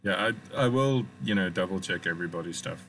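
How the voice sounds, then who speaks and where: A man running a tabletop game session, easygoing and quick to laugh. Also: low voice, a bit bright, a little hiss or hum. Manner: slow, easygoing, laughs often. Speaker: game master. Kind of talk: casual tabletop session talk.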